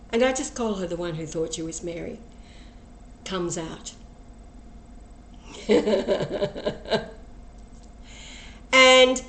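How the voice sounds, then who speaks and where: A woman tells a personal story at a slow, deliberate pace, acting out each person's words as she goes. Her voice is emotional and earnest. The recording sounds roomy and echoey, with a faint hum of ambience behind her. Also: mid-range voice. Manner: slow, emotional retelling with quoted dialogue.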